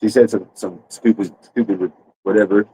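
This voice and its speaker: Husky man rambling through a profane story. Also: fairly low pitch, steady tone, moderate pace, mellow, dry recording, low-quality recording. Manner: rambling, profane, full of restarts. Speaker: streamer. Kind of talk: casual storytelling on a livestream.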